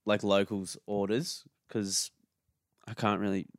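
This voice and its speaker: A man's voice: fairly low pitch, level tone, unhurried, no echo. Australian man, young adult, podcast co-host, casual jokey chat, resonant voice, dry close sound. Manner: laid-back, jokey banter.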